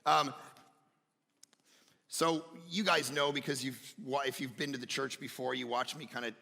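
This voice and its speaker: A man preaching a sermon as pastor, animated, swinging between loud emphatic peaks and quiet low stretches. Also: normal speed, gravelly. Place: church sanctuary. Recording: church hall reverb.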